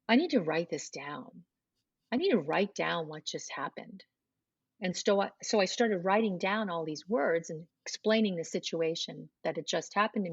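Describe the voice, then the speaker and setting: A woman's voice: fairly low pitch, slightly rough, no echo, muffled recording. A middle-aged woman telling a personal testimony in an interview, acting out the dialogue she recalls. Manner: storytelling, acts out quoted dialogue. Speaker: guest.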